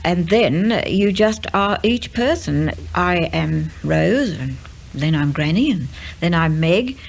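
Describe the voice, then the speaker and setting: An older woman, a radio serial writer, talking in an unhurried way with frequent ums and uhs. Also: lowish voice, animated, creaky, rough recording. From Australia. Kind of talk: relaxed interview and dictation.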